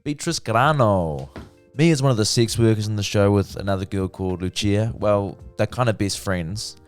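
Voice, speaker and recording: A man's voice: on the low side, moderate pace, clear, resonant tone, faint music behind. A man giving a casual, profane, chatty review of a TV series. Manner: chatty, profane, lively retelling. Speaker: TV review vlogger.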